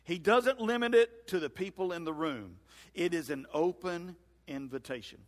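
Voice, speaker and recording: A male pastor preaching a sermon in a church sanctuary, acting out scripture dialogue with lively swings in voice. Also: fairly high pitch, normal speed. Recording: long hall reverb.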